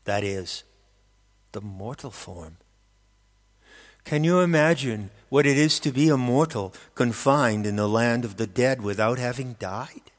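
A man reading as a husky, pensive underworld queen. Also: mid-range voice, measured pace, natural voice. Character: regal queen of the dead, woman, pensive and wistful. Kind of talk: audiobook character reading. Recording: long hall reverb.

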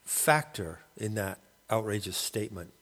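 A man calling himself a shaman, rambling through a halting spoken monologue and often searching for the right word. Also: fairly low pitch, lively intonation, fairly bright tone, long reverb tail. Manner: halting, searching for words, many restarts. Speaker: self-described shaman.

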